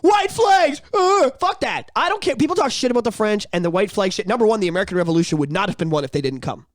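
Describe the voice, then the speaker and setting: Podcast co-host: man, thirties, rapid high delivery, crude storyteller, dry close sound. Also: no room sound. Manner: animated, profane, breaks into shouted bits.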